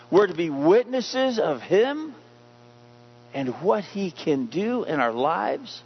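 Male pastor, fairly high voice, emphatic preaching, quizzes the congregation, dull lo-fi sound. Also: breathy edge. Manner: emphatic, asks the congregation questions. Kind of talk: sermon. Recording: dull lo-fi recording.

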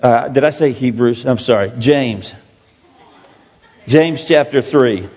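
Joking pastor in an echoey hall. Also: male voice, mid-range voice, slow pace, breathy edge. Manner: conversational, self-joking preaching. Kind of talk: sermon. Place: church sanctuary. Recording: dull echoey hall recording.

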